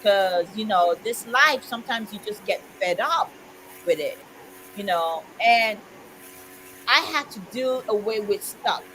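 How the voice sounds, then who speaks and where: A woman's voice: medium pitch, expressive, measured pace, pushed and bright, slight background noise, rough recording. A woman in casual chat, telling a heartfelt personal story in an earnest way with frequent "you know"s. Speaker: co-host of a community chat stream.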